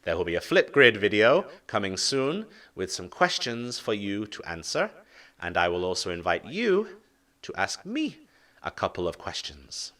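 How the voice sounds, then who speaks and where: A man teaching an online English lesson, modeling questions slowly and deliberately. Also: lowish voice, sing-song, fairly bright tone, distant mic. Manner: slow, deliberate modeling of intonation.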